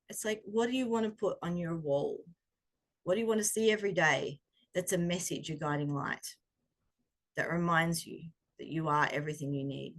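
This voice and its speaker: Gentle, low-voiced woman coach. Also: moderate pace. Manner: conversational and gentle, searching for words. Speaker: self-growth coach. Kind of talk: reflective talk on intuition.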